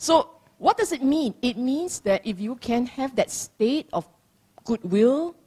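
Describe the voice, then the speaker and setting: A woman's voice: a little high, animated, slow pace, darkish tone, husky. A middle-aged woman giving a dharma talk, playful and teasing, laughing often. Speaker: dharma teacher.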